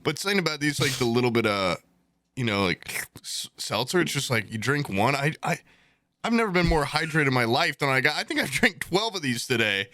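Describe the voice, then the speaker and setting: A man co-hosting a podcast in casual chat, joking and breaking into high squeals. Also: very animated, brisk, sharp tone, no room sound. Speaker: podcast co-host.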